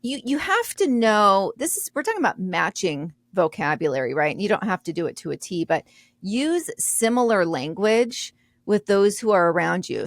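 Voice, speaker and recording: A woman co-hosting a podcast in casual chat, an animated storyteller who laughs easily. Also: fairly low pitch, no room sound. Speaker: podcast co-host.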